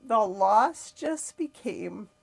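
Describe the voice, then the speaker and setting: A middle-aged woman with a gravelly edge to her voice, speaking at an ordinary pitch. She hosts a podcast and tells a personal family story. She sounds reflective and emotional, often sighing between thoughts. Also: lively intonation, extremely slow. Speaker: podcast host.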